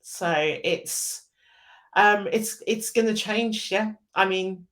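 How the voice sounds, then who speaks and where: A British woman co-hosting a casual podcast, speaking at an ordinary middle pitch. She talks earnestly and rambles, with plenty of fillers and restarts. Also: steady tone, takes it slowly, fairly bright tone. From Britain. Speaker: podcast co-host. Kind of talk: casual chat.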